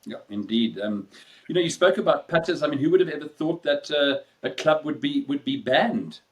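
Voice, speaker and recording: A man's voice: fairly high pitch, lively intonation, normal speed. A man interviewing a guest, asking questions in a hesitant way with frequent fillers. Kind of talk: conversational interview.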